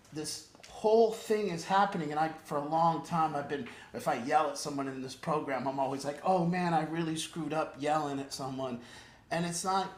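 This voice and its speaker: A man's voice: a little high, roomy sound. A man leading an informal group talk as a recovery program counselor, earnest and emphatic, rambling with restarts.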